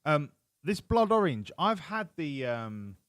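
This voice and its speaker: A man's voice: a little high, sing-song, slow, fairly bright tone, clean tone, no room sound, studio quality. A man giving casual, sweary, joking commentary while live-streaming a racing management game.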